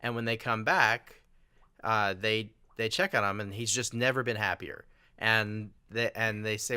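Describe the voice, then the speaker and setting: A podcast host chats casually, laughing often and cracking jokes. His fairly low voice is bright, forceful, clear and resonant, with fairly even intonation at a moderate pace, recorded clean in a studio with no room sound.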